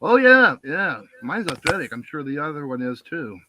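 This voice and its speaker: A man's voice: on the high side, very animated, moderate pace, sharp tone, a little hiss or hum, low-quality recording. A man calling in to a live stream and chatting. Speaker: caller. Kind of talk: casual chat.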